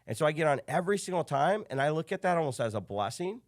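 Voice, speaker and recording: Fairly high in pitch and quick in delivery, a man in his thirties shares stories on a relaxed podcast interview. The Chicago-area business coach is an animated storyteller who acts out the lines he quotes.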